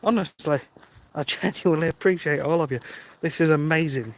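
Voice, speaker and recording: A man in his thirties live-streams a walk along a village road at dawn, chatting casually and greeting viewers by name. He holds his phone as he walks, and his voice is on the high side and fairly quick.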